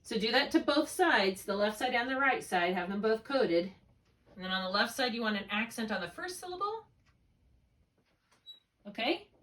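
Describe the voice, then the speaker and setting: A woman's voice: fairly high pitch, very animated, normal speed, pauses often, fairly bright tone, distant mic. A woman tutoring a student one on one, explaining spelling rules patiently step by step and checking often that it makes sense. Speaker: reading tutor.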